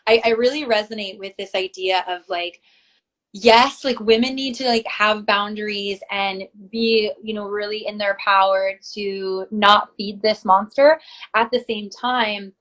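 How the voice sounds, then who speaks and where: A woman's voice: mid-range voice, fairly even intonation, unhurried, a bit bright, rough recording. A woman hosting a podcast, affirming her guest and speaking in spiritual terms, with many fillers. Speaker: podcast host. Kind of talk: casual conversation.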